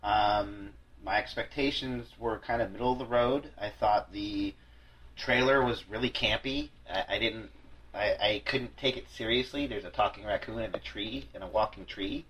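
A man's voice: fairly low pitch, moderate pace, a bit bright, low-quality recording. A man hosting a podcast in casual chat, rambling and self-deprecating, with frequent swearing and restarts. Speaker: podcast host.

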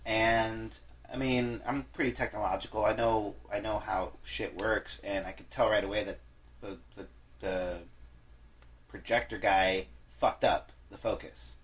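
A man's voice: fairly low pitch, fairly even intonation, measured pace, a bit bright, muffled recording. A man hosting a podcast in casual chat, rambling and self-deprecating, with frequent swearing and restarts. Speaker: podcast host.

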